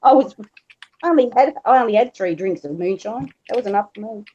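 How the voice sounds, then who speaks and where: A woman's voice: mid-range voice, lively intonation, brisk, warm tone, slightly rough. An Australian woman chatting casually, laughing often and teasing the others. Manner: laughing, teasing, self-mocking. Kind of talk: casual chat. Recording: dull lo-fi sound.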